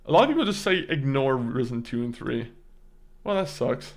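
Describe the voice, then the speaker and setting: A man at a mid pitch talks loosely to his stream audience. He meanders from thought to thought, laughs between sentences, and stumbles over his words as he goes. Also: sing-song, moderate pace. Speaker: gaming streamer. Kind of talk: casual chat with stream viewers.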